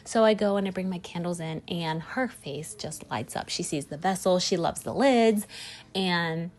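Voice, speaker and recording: A woman's voice: lowish voice, normal speed. A woman who makes candles, chatting casually in a storytelling vlog and rambling with lots of "like" and "you know.". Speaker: candle maker and small business owner.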